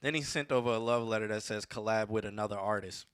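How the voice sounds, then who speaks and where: A man co-hosting a show, reviewing submitted songs with blunt, animated critique that often trails off mid-sentence. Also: lowish voice, quick pace, clear, resonant tone, dry recording, studio quality. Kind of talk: casual music review chat.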